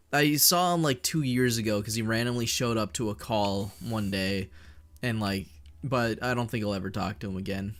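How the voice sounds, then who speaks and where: A young Canadian man streaming, chatting casually with his chat in a fairly monotone voice, swearing and joking as he rambles. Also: medium pitch. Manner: rambling, profane, jokey, reads and answers chat.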